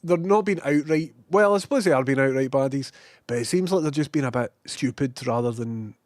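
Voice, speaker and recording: A man's voice: mid-range voice, fairly quick, a little mellow, no room sound, clean studio sound. A young adult man with a Scottish accent, chatting casually on a livestream and reading out chat, sweary and self-mocking. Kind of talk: casual rambling stream chat.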